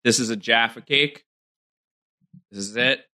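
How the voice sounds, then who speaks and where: A man talks through a casual snack taste test on a podcast. He's recorded over a video call and rambles cheerfully, filling the gaps with ums and likes. His voice is very bright and forward. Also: medium pitch, a little slow. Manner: chatty, self-mocking, thinks aloud with many fillers. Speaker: podcast co-host.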